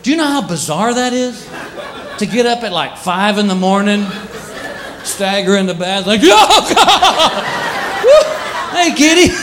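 A married man doing stand-up about his pets, animated, acting out the animals in squeaky voices. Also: moderate pace, crowd noise, background noise. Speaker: stand-up comedian. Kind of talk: stand-up routine. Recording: live show with loud audience laughter. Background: audience laughter.

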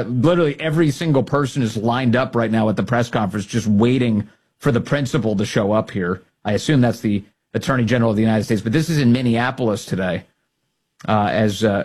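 A man with a slightly husky voice hosting an opinionated talk show. He is sarcastic and heated, tossing out insults as he runs through the news. His delivery is mid-pitched and combative. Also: fast, darkish tone. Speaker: radio talk show host. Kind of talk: opinionated political talk radio.

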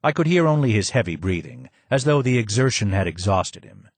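Low-voiced man reading an audiobook. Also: big pitch swings, fairly quick, no room sound. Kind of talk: audiobook narration.

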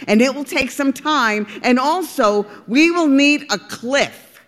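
A woman voicing a kind, sensible young female duck in an audiobook, speaking gently and reassuringly. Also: high-pitched, lively intonation, takes it slowly, long reverb tail, voice pushed up, full character voice. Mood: confiding. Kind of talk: audiobook reading.

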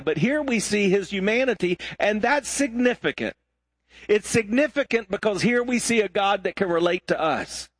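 A man's voice: high-pitched, fairly bright tone, dry recording. A man preaching a sermon to a congregation, asking his listeners questions as he teaches. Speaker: pastor. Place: church sanctuary.

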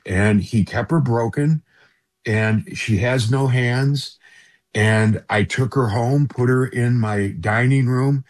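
A man's voice: mid-range voice, slow. A man who works in radio, earnestly telling a personal story as a guest in a conversation and often addressing the host by name.

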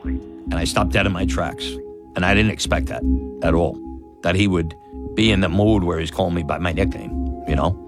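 A man telling a lively personal story, laughing and acting out the voices of others. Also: low voice, normal speed, music in the background. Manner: animated, laughing, acts out quoted voices. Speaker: storyteller guest. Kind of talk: personal story told in an interview.

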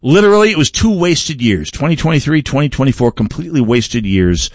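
A man's voice: medium pitch, animated, a little fast, no room sound, clean studio sound. Sardonic male talk radio host. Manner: sardonic, digressive. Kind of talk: political talk monologue.

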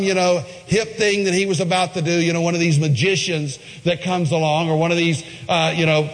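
A man's voice: a little high, a little fast, hardly any pauses, big-room sound. A man preaching a sermon, retelling a story emphatically with asides to the listeners.

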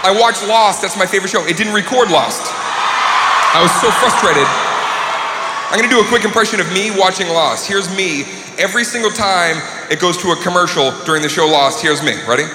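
A man doing a profane, ranting stand-up routine, often shouting. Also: high-pitched, animated, fairly quick, a loud crowd. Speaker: stand-up comedian. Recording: echoey hall with noise.

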